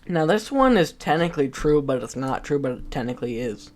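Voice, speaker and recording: A man offers casual video game commentary, looking back at his own old predictions in a chatty, self-mocking way with frequent restarts and laughs. His voice is fairly high and very animated, and he talks a little fast with few pauses.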